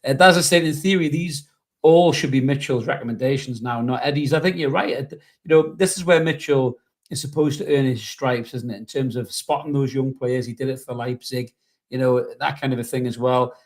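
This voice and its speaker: A man's voice: medium pitch, a little fast. A man hosting a casual fan podcast, rambling and reading out viewer messages, with lots of "you know". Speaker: podcast host.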